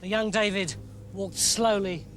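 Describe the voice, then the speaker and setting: High-voiced playful male storyteller. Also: fairly even intonation, measured pace, background noise. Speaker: narrator. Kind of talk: storybook narration. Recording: music playing under the voice.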